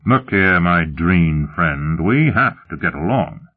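A man's voice: sits low, lively intonation, takes it slowly, exaggerated voice. Man doing a gloating, brash pleasure-seeker. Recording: tinny phone-like sound.

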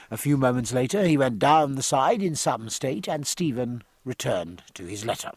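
A man narrating an audiobook with an expressive, varied reading. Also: mid-range voice, normal speed, hardly any pauses, breathy edge, dry recording.

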